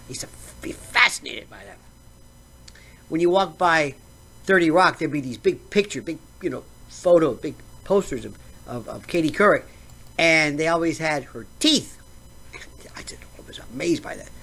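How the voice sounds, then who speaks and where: An American woman hosting a show, ranting in a sarcastic, rambling way that keeps drifting into side remarks. Her pitch moves around a lot, which keeps the delivery animated. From United States. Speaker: show host. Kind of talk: comedic rant.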